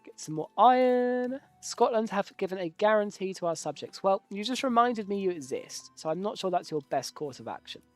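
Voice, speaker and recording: A man's voice: high voice, animated, normal speed, hardly any pauses, no room sound, faint music behind. Rambling jokey male game streamer. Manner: rambling, jokey, self-deprecating; casual swearing. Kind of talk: casual live gameplay commentary.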